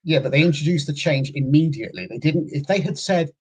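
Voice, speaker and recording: A man's voice: fairly high pitch, fast talker, breathy edge. A male guest in a casual political debate, pressing his point steadily.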